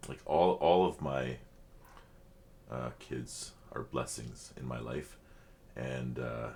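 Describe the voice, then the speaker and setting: A middle-aged man hosting a reaction video, talking in a heartfelt, halting way with many fillers and restarts. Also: extremely low pitch, slight background noise. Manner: heartfelt, openly emotional. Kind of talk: casual reflective chat.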